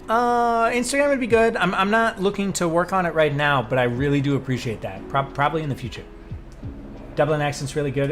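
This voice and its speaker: An American man casually chatting on a live stream, swearing often and ranting loudly when worked up. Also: medium pitch. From United States. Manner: profane, ranting, gets loud and drawn-out when worked up.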